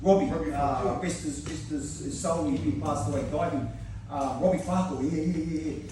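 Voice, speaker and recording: A jiu-jitsu training partner with a New Zealand accent gives a speech to the club, telling a casual story with frequent swearing, lots of laughter and many fillers. His voice is slightly high, warm and moderately paced, caught by a distant mic in an echoey room with background noise.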